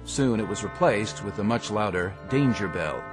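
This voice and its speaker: Male audiobook narrator, low voice, steady and measured, faint music.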